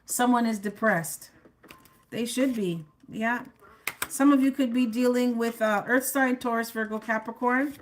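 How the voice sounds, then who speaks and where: A woman's voice: a little high, unhurried, slight background noise. A woman doing a live tarot reading, chatty and sassy, speaking straight to her viewers and laughing often at her own remarks. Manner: addresses viewers directly as the collective. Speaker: tarot reader.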